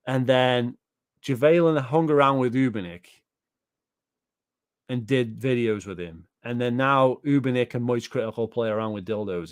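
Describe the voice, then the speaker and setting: A man rants on a livestream, rambling and swearing as he reacts to chat with disbelief. His voice sits at an ordinary middle pitch, and the sound is close and dry, with no room around it. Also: no echo. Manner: profane, rambling, incredulous. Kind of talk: casual ranting livestream commentary.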